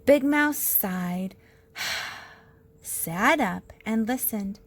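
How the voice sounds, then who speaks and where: A woman teacher reading a picture book aloud with slow, expressive storytelling. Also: mid-range voice, poor audio.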